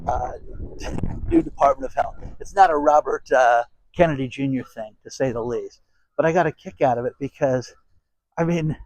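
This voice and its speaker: A man's voice: a little high, darkish tone, dry recording, rough recording. A man hosting a casual commentary vlog, talking straight to his viewers in a chatty way and laughing often. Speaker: host.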